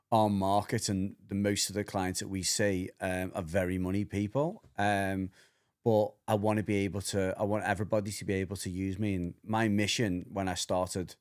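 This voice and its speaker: A middle-aged man chats loosely on a podcast. His voice sits a little low. He rambles, stumbles over his words and laughs easily. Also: clear, resonant tone. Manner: rambling, animated, repeats words, laughs often. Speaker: podcast co-host, dog trainer. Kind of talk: casual chat.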